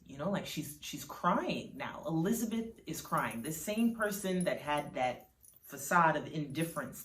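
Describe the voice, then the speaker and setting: A woman telling a story in a conversational, unhurried way, with fillers like "you know", recorded in a roomy space from a distance. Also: low-pitched, fairly bright tone, slight background noise. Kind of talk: storytelling narration. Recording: roomy sound from a distant mic.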